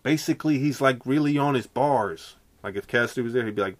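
A man's voice: mid-range voice, fairly quick, hardly any pauses. A man hosting a casual comedy podcast, telling rambling, slangy, jokey stories. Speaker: podcast host.

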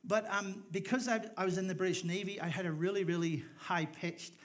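Northern Irish male preacher, middle-aged, slightly high voice, jokey storytelling turning fervent. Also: fairly even intonation, brisk, a bit bright. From Northern Ireland. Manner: humorous storytelling, rising to fervent appeal. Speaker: pastor. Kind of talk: sermon.

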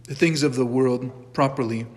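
Middle-aged male church teacher, relaxed and conversational, frequent restarts, recorded with long hall echo. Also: mid-range voice, moderate pace. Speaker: catechism teacher. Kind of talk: informal church class lecture.

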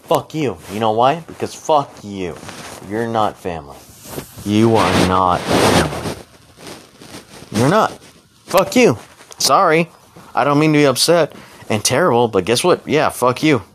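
A man's voice: medium pitch, very animated, normal speed. A man ranting bluntly and heatedly into the camera, swearing freely. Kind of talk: unscripted angry rant. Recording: noisy recording with clicks.

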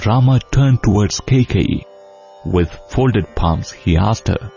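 A man narrating an epic tale in a measured, solemn, steady manner. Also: on the low side, creaky. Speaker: storyteller. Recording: dull lo-fi audio. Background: faint sitar music.

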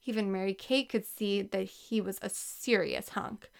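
A woman narrating a children's book with a lively, expressive reading. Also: medium pitch, unhurried, creaky. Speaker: audiobook narrator. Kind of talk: scripted narration.

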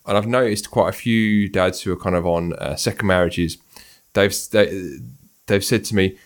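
Low-voiced thoughtful male podcast host. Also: normal speed. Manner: thoughtful, hesitant with many restarts. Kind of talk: conversational interview.

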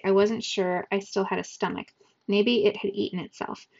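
Woman reading a chapter book to kids, steady, gravelly, kinda muffled lo-fi. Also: mid-range voice, moderate pace. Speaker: reader. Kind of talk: audiobook reading for students. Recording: dull lo-fi recording.

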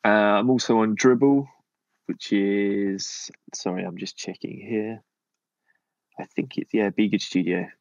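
A man's voice: on the low side, fairly even intonation, a little slow, darkish tone, dry recording, lo-fi sound. A British man from Cornwall, a designer appearing as a podcast guest, chatting casually in a hesitant, self-deprecating way with many fillers. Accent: British English. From Cornwall, England. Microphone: remote call.

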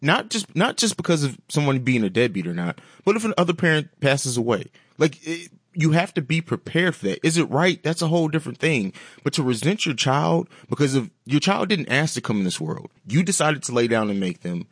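A man's voice: on the high side, very animated, brisk, hardly any pauses, husky, no echo, clean studio sound. A man co-hosting a podcast, speaking earnestly and with emphasis. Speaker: podcast co-host. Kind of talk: casual podcast talk.

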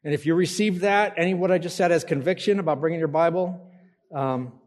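A male pastor delivers a sermon, drawing answers from the congregation with questions. His voice sits high for a man. It rings out with the long reverb of a church hall. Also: fast, darkish tone. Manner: interactive, asks congregation to call out answers.

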